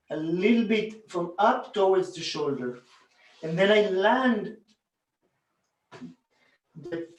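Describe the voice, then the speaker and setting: A bodywork teacher with a high-sitting voice calmly walks through a hands-on demonstration, unhurried, counting and chanting rhythm sounds as he works. He sounds distant, in an echoey room.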